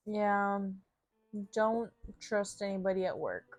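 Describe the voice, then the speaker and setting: A woman's voice: medium pitch, slow, dry recording. A young woman vlogger telling a work story in a blunt, profane, casual way, full of fillers.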